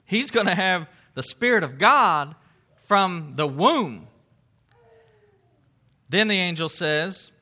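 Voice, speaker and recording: A man with a high, piercingly bright voice teaches scripture in a conversational sermon. He talks earnestly, leaning on words of wonder, and often stops to restart a phrase or fill a pause. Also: expressive. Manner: earnest, with frequent fillers and restarts, emphatic exclamations. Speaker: Bible teacher.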